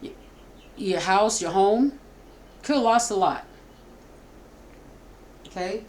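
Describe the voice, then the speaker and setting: A middle-aged woman giving a casual spoken tarot reading, talking in a warm, repetitive way that often stumbles. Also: medium pitch, slow pace. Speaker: tarot reader.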